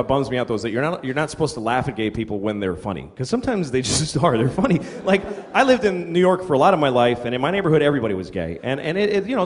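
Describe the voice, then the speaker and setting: A man performing a profane, ranting stand-up comedy routine on stage. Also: mid-range voice. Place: live comedy venue. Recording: echoey live club with audience noise.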